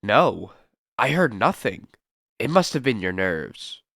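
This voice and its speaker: A man's voice: lowish voice, sing-song, takes it slowly, vocal fry, fairly bright tone, no room sound, studio quality, exaggerated voice. A man voicing a sinister male asylum doctor who sounds politely menacing. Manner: silkily polite, veiled threats.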